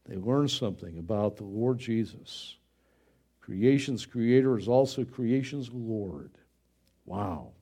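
A man's voice: mid-range voice, animated, slow pace, warm tone, husky. A man preaching a sermon, telling a childhood story and asking earnest rhetorical questions. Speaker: pastor.

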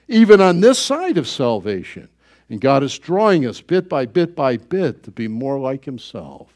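Animated high-voiced preacher man. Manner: folksy storytelling, acting out his own inner voice. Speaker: pastor. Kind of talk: sermon.

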